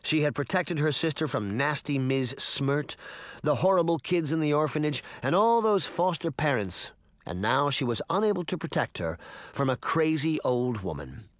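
A man's voice: a little high, moderate pace, no room sound. A man narrating a children's fantasy novel as an audiobook. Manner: expressive storytelling. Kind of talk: scripted narration.

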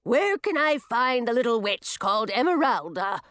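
A woman plays a brash, cackling old witch with a demanding mood, pitching her voice above her natural one. Her delivery is fairly high and fairly bright, swinging widely in pitch at a moderate pace, in a clean studio recording with no room sound.

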